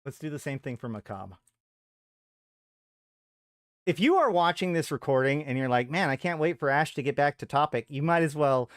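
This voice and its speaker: A man's voice: fairly high pitch, expressive, normal speed, long pauses, no echo, studio quality. A man hosting a live stream, thinking aloud in a casual chat with frequent trailing off and restarts. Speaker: streamer host.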